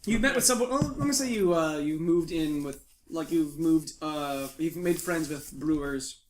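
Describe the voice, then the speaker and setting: A man's voice: a little high, normal speed. A young man running a tabletop game as game master, rambling and correcting himself with fillers.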